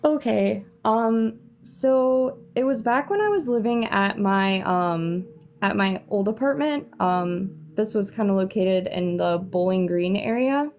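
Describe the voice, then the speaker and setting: A young woman tells her story at an unhurried, halting pace on a live stream. She sounds nervous and hesitant, stumbling through fillers and restarting her sentences. Her pitch sits in a middle range. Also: lively intonation, darkish tone, lo-fi sound. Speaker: caller sharing a paranormal story.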